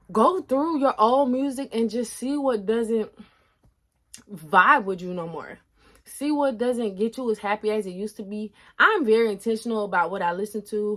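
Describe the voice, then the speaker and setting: Talking casually to the camera, a young woman in her twenties shares a story with her viewers, calling them y'all in a chatty, animated way. Her voice is mid-range, and she lowers it to a soft hush for asides.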